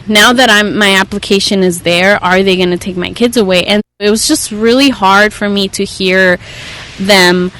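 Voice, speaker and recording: Young woman podcast guest, earnest storyteller, mid-pitched, conversational. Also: fairly bright tone, rough recording. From Southern California. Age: young adult. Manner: earnest storytelling, acts out quoted voices with raised pitch.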